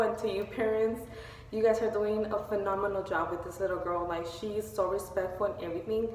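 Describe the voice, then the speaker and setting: A woman's voice: medium pitch, fairly even intonation, brisk. A woman beauty vlogger talks in a casual, gushing way, full of "um" and "like". She sounds distant from the mic, in an echoey store with a long reverb tail. A faint hum of store ambience sits behind her. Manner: emotional, gushing, many fillers. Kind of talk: casual vlog update.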